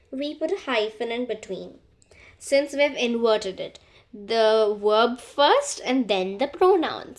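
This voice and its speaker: Professora de francês, fala lenta e aguda. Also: female voice, on the high side. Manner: slow, careful pronunciation drills with repeated words. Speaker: French teacher. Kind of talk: beginner language lesson.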